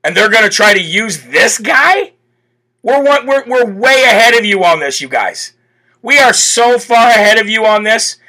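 A man's voice: high-pitched, animated, normal speed, pushed and bright. A man hosting a political talk show, giving brash, mocking commentary full of rhetorical questions. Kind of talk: opinionated live commentary.

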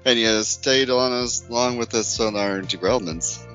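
A man's voice: mid-range voice, normal speed, a bit bright, faint music behind, low-quality recording. A man co-hosting a podcast, chatting casually and laughing along in a laid-back way. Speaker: podcast co-host. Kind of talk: casual chat.

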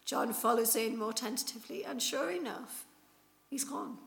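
Woman preacher, higher voice with gravelly fry, chatty storytelling sermon. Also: moderate pace. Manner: chatty storytelling with many fillers. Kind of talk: informal Easter sermon.

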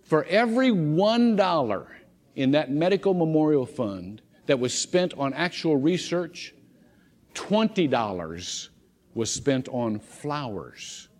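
A man's voice: a little high, big pitch swings, slow pace, a little mellow. A man preaching a sermon, telling a story with lots of restarts and repeated words. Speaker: pastor. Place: church sanctuary. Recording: long church hall reverb.

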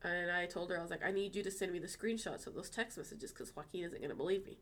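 A woman's voice: fairly low pitch, fast. A woman co-hosting a casual chat, telling a story with lots of swearing and acted-out quotes of what people said. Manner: animated, swears freely, acts out quoted dialogue. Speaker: podcast co-host.

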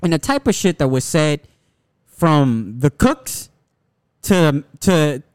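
Smooth-voiced young man, casual podcast host. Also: fairly high pitch, big pitch swings, slow, dry recording, studio quality. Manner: rambling, profane, lots of restarts.

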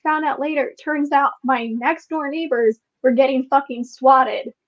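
High-voiced woman, blunt and profane. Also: steady tone, unhurried, dull audio. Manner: blunt and profane, exasperated storyteller. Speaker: podcast guest. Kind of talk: casual chat.

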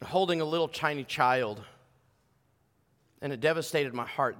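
A man preaching a sermon as pastor, fervent, his voice climbing louder and higher on key points. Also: normal speed, long pauses. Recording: long hall reverb.

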